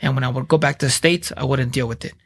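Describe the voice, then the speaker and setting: A man in his thirties, a podcast guest, telling his story in blunt, profane, animated casual speech. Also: medium pitch, fast.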